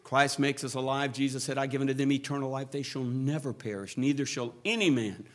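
A man preaching a sermon, moving between hushed, quiet passages and loud, fervent build-ups as he quotes scripture. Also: medium pitch, fairly even intonation, brisk.

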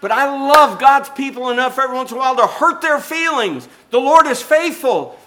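A man's voice: very high-pitched, animated, brisk, bright, forceful tone. An older man preaching a sermon, rising and falling in intensity and calling for amens. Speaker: pastor.

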